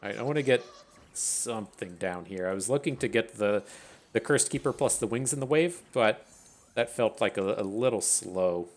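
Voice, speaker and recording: A gaming streamer gives rambling, casual commentary on his own card game match, stammering, restarting sentences, and mocking his own misplays. His voice sits on the low side, expressive and at a moderate pace.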